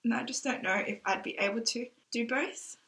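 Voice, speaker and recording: Bright-voiced anxious young woman vlogging. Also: a little high, normal speed, vocal fry, poor audio. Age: young adult. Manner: anxious, rambling, thinking aloud. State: tearful at times. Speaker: exchange student vlogger. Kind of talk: casual vlog talk to camera.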